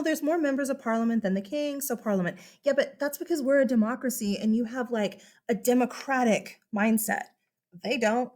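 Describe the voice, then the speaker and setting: A woman teaching a history lesson in a casual, chatty way, asking rhetorical questions and calling her listeners guys. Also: fairly high pitch. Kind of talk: casual classroom lecture.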